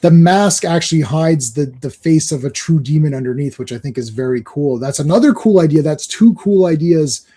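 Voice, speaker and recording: A man hosting a casual comics chat, rambling and excited, laughing often as he talks. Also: a little high, normal speed, hardly any pauses, breathy edge. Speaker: podcast host.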